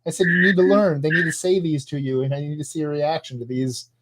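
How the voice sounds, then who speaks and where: A man's voice: on the high side, steady tone, fast, fairly bright tone. A man co-hosting a casual live stream, teasing and laughing often.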